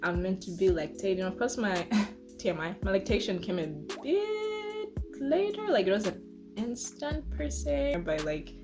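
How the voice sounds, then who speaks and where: A woman's voice: mid-range voice, unhurried, music in the background. Chatty young woman telling a story. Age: 20s. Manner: chatty, filler-heavy, animated re-enacting. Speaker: vlogger. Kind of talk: casual storytelling to camera.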